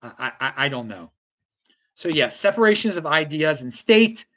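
A man's voice: on the high side, sing-song, normal speed, pushed and bright, a little hiss or hum. A man hosting a livestream, ranting heatedly and often restarting his sentences as he reacts to viewer chat. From United States. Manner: heated, combative, with frequent stammered restarts. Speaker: host.

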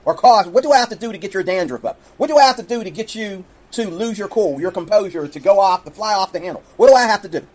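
Brief: male preacher in a clip, high voice, insistent and repetitive, lecturing tone. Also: expressive, fast, few pauses, darkish tone, low-quality recording. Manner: insistent, repeats questions. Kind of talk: preachy monologue.

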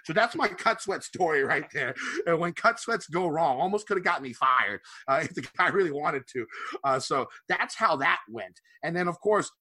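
A man co-hosting a podcast, telling a profane anecdote in a loose, animated way. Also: fairly high pitch, moderate pace, breathy edge, dry recording. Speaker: podcast co-host. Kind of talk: casual storytelling chat.

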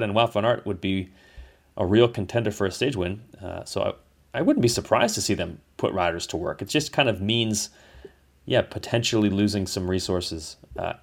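Deep-voiced man analyzing a race. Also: vocal fry. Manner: thoughtful, hedging, many restarts. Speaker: podcast host. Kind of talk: casual cycling race analysis. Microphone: remote call.

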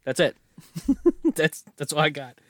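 A slightly high male voice with wide pitch swings, speaking a bit slowly in a dry, close recording with no echo. He's a playful podcast co-host in casual banter, joking, laughing often and playing with words.

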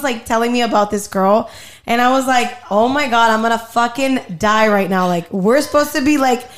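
A woman telling a story in casual chat, swearing freely and acting out what people said. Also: high voice. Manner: animated storytelling, swears freely, acts out quotes.

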